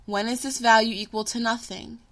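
A woman reading a story, voicing a patient, wise, magical female teacher who teases gently. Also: a little high, brisk, voice pushed up. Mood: patient, teasing. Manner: calm, gently teasing teacher.

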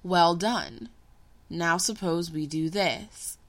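A woman reading a story, voicing a patient, wise, magical female teacher who teases gently. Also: on the low side, takes it slowly. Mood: patient, teasing. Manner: calm, gently teasing teacher.

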